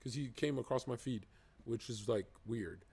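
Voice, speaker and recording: A man streaming live, reacting to clips with excitable, profane, joking rants. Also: medium pitch, moderate pace, breathy edge.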